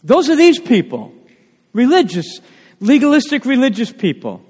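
A male pastor preaching a sermon, animated and full of rhetorical questions. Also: very high-pitched, moderate pace, breathy edge. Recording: long reverb of a church hall.

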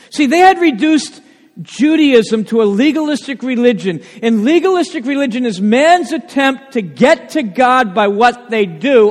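A male pastor preaching a sermon, animated and full of rhetorical questions. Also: very high-pitched. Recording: long reverb of a church hall.

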